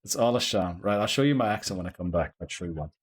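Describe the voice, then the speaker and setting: A man's voice: low voice, lively intonation, quick pace, a little hiss or hum. A man with a Northern Irish accent chatting casually and rambling with easy jokes while streaming a game. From Northern Ireland. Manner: rambling, joking, chuckles often. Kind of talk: casual live-stream chat.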